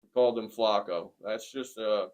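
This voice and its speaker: A man in his forties giving a personal testimony in conversation, plainspoken and earnest, with many pauses. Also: lowish voice, steady tone. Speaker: interviewee sharing a testimony.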